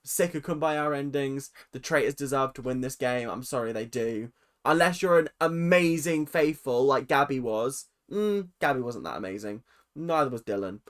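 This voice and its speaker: Brief: tired, opinionated young male vlogger, rambling recap, lively pitch. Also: moderate pace. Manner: opinionated, rambling, goes off on tangents. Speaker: reaction vlogger. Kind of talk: casual episode recap.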